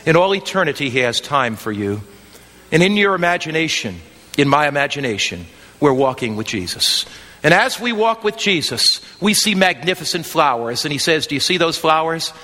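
In a big-sounding room, a man with a fairly high voice preaches an evangelistic sermon at normal speed. He is very animated, swinging from impassioned near-shouts down to a hushed, gentle altar call.

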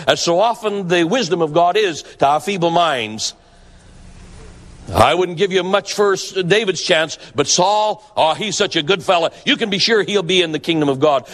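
A man's voice: high-pitched, fairly bright tone. A man preaching a sermon in an earnest, emphatic way, often repeating words for stress. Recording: long hall reverb.

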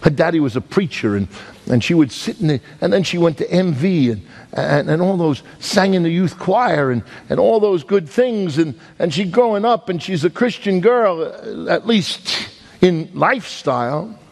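A man's voice: a little high, animated, moderate pace, vocal fry, a little mellow. A man preaching as an evangelist, telling a story in a folksy, emphatic way with many restarts and repeated words. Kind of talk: storytelling sermon.

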